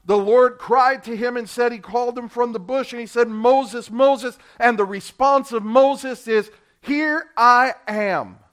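A male pastor preaching a sermon, acting out the people he quotes and swinging between loud and quiet. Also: very high voice, fairly even intonation, normal speed, few pauses, clean tone. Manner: dramatic, acts out quoted voices with big swings in loudness.

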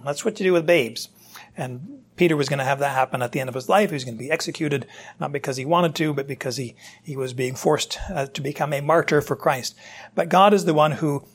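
A pastor preaches in an easy, conversational way, explaining scripture straight to his listeners. His voice is husky and sits a little high for a man. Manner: conversational, explanatory, addresses the congregation directly. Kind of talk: sermon, verse-by-verse Bible teaching.

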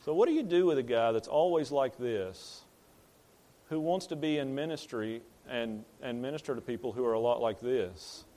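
This is a man at a medium pitch giving a conversational sermon as pastor. His delivery is plain-spoken, and he often repeats or restarts words as he builds toward a point. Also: normal speed, dark tone.

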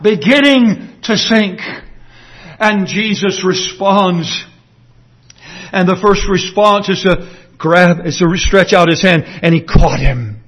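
High-voiced earnest man preaching. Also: a bit bright. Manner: earnest expository preaching, slowing down to stress points. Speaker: pastor. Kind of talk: sermon.

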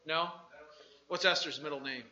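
A man preaching as a pastor, animated, moving from soft asides to loud outbursts, in a dull lo-fi church recording. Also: fairly high pitch, moderate pace. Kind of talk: sermon.

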